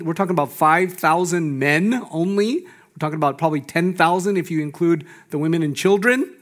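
Male pastor, sermon, slightly high voice, animated, shifts from loud emphasis to hushed lines. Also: a little fast. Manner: laughs often between phrases.

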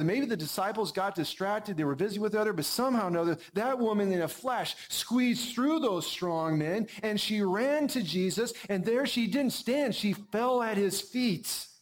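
A man preacher telling a story in first person as a character, shifting from animated to hushed. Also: high voice. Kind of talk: first-person dramatic sermon monologue.

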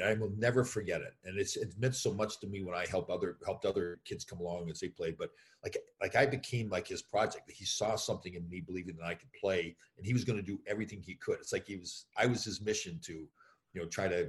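A deep-voiced middle-aged man rattles through his stories at a brisk clip. He talks in an easy, rambling way full of "like" and "you know", and he slips into other people's voices when he quotes them. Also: steady tone. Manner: anecdotal, many fillers, acts out voices in quotes. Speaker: former pro hockey player, guest. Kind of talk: storytelling in an interview.

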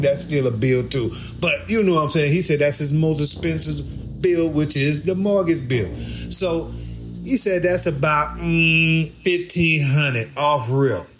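A male comedian with a high-pitched voice tells a story on stage. He jumps between characters as he acts out a conversation, and his delivery is loose and full of profanity. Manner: animated, acts out both sides of a conversation, profane. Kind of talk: stand-up storytelling.

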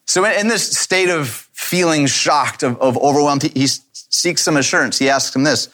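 A man's voice: medium pitch, animated, moderate pace, a bit bright. A man preaching a sermon, reading scripture and commenting on it in a conversational way, often repeating words as he thinks aloud. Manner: reads scripture then comments casually. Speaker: pastor.

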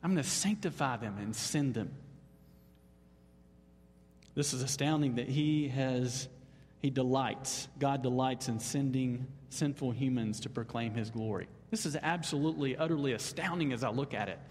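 A man pastor preaching a Sunday sermon in an animated, emphatic way. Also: normal speed, a little hiss or hum. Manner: animated, emphatic, leaps up in pitch on exclamations. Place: church sanctuary. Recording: long hall reverb.

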